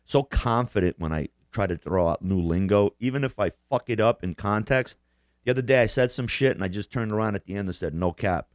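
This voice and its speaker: A man's voice: on the low side, brisk, dry recording, studio quality. Profane, laughing podcast co-host man. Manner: profane, boastful, laughs often. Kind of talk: casual chat.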